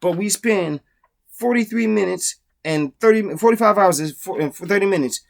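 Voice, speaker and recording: Male reviewer, slightly high voice, casual profane rant, exasperated and mocking. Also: moderate pace, creaky. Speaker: book reviewer. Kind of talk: casual ranting book review.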